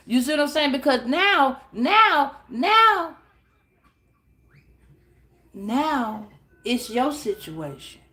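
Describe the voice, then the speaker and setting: A high-voiced woman talks straight into her phone. She gives tarot advice bluntly and with plenty of swearing. She keeps breaking into acted-out little scenes. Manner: blunt, profane, animated, acts out little scenes. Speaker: tarot reader. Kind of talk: casual advice monologue.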